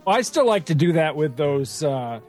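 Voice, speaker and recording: A man's voice: a little high, sing-song, normal speed, a little mellow, soft background music. A man co-hosting a casual podcast, rambling, laughing often and swearing casually into a studio microphone. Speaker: podcast co-host. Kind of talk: casual chat.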